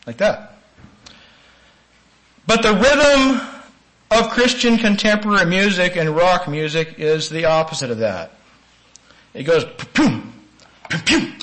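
A man preaching a sermon-style lecture, earnest and emphatic, with sudden rises in pitch and volume and some slowed, stressed phrases. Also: fairly bright tone, rough recording.

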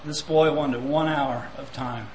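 A man's voice: medium pitch, steady tone, measured pace, darkish tone, roomy sound, slight background noise, rough recording. Man preaching a reflective sermon. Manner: reflective, asks rhetorical questions.

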